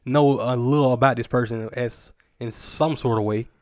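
A young man with a mid-range voice speaks in a casual chat. He talks in a measured way, hedging with many "like" fillers. The sound is close and dry. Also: mid-range voice, fairly even intonation, no echo. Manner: measured, hedges with frequent "like".

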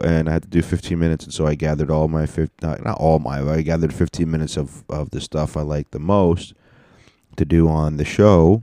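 A man's voice: very deep voice, steady tone, moderate pace, warm tone, no echo, studio quality. A young man hosting a casual solo podcast, rambling in laid-back, profane slang. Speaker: podcast host and stand-up comedian.

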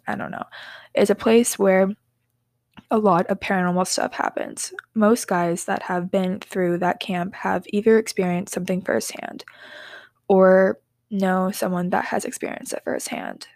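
A young woman hosts a casual podcast and wanders through stories with giggles and apologetic asides. She often sinks into near-whispers. Her voice has a gravelly fry, and the sound is dry and close to the mic. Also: medium pitch, no room sound. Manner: rambling, drifts into soft whispers. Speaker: podcast host.

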